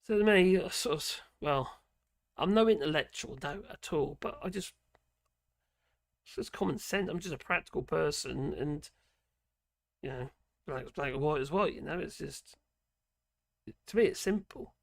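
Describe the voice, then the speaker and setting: A croaky, hoarse man rambling through opinionated political commentary on a live stream. His voice sits a bit high for a man and is heavy with gravelly fry. He talks casually and haltingly, full of fillers and colloquial asides.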